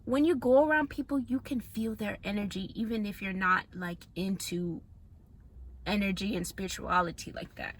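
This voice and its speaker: A young woman vlogger talking straight to camera in a casual monologue, blunt and profane, jumping between loud outbursts and hushed asides. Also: medium pitch.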